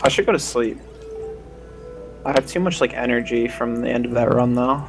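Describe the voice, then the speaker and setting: A man's voice: medium pitch, moderate pace. A young man streaming a speedrun, chatting casually with rambling, sarcastic asides. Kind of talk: casual stream chat over gameplay. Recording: game music playing behind.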